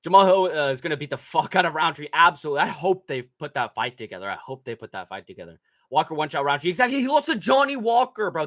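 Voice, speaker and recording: Brash, bright-voiced young man streaming. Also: fairly high pitch. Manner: brash, profane, mocking, bursts into shouts. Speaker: livestream host reading chat. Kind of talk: casual livestream chat.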